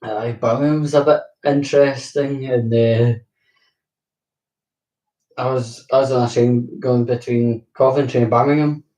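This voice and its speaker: A young vlogger from Glasgow, Scotland, chats casually to his viewers, rambling, swearing, and laughing often. His mid-range voice is warm, with fairly even intonation and a slightly slow pace. The mic is distant, giving a roomy sound.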